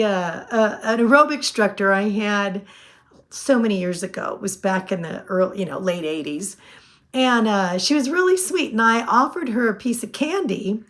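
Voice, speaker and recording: A woman in her fifties talks casually to her viewers about dieting. Her delivery is rambling and chatty, and she laughs often as she goes. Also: fairly high pitch. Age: 50s. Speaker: weight-loss vlogger. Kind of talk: casual chat to camera.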